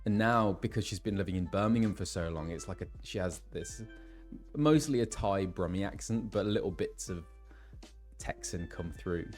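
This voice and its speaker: An English man who voices game characters chats casually with his live-stream viewers, reading out where they're from. His voice is low-pitched and a little mellow at a normal speed, with soft music in the background.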